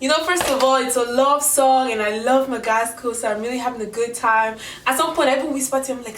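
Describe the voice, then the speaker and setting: A young woman vlogger telling a story in a chatty, animated way, acting out her own quotes. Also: a little high, brisk. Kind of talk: casual storytelling. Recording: roomy echo from a distance, music behind. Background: background music.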